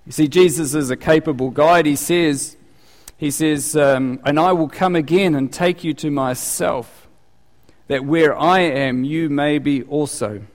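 A man preaching a sermon as pastor in a conversational, animated way, his voice climbing when he acts out questions. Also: a little slow. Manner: conversational, animated, rising in pitch for quoted questions. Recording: long reverb of a large hall.

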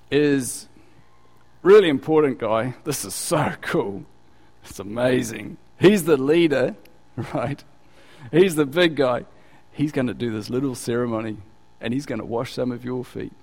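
A man's voice: on the high side, darkish tone. A male pastor preaching a sermon conversationally, full of rhetorical questions and repeated words. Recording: long hall reverb.

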